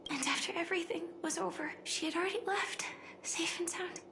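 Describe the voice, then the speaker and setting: An actress playing a gentle, composed young woman with a soft, earnest voice, recorded as game voice acting. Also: extremely high pitch, brisk, a little hiss or hum, full character voice.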